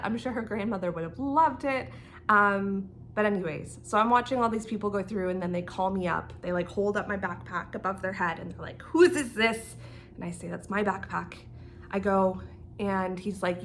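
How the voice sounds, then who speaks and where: Young canadian woman vlogging a story, bright clear voice, laughs a lot, faint hum behind. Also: medium pitch. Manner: animated, laughing, acts out quoted dialogue. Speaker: knitting vlogger. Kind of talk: casual storytime.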